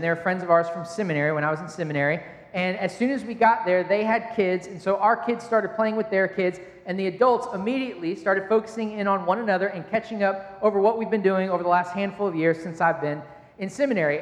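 A man in his thirties, a pastor giving a sermon in a conversational, self-deprecating storytelling way. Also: high-pitched. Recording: echoey hall with long reverb.

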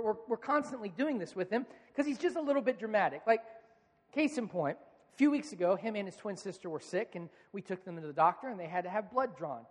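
A male pastor in his thirties preaching a sermon in a relaxed, conversational storytelling manner, acting out quoted lines. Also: high voice, big-room sound.

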